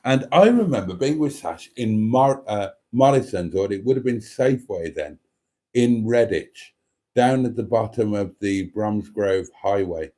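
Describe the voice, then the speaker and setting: A man's voice: fairly low pitch, lively intonation, measured pace, warm tone. A middle-aged man with a chatty, rambling manner and cheeky asides, hosting a livestream and reading out comments from chat. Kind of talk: casual chat.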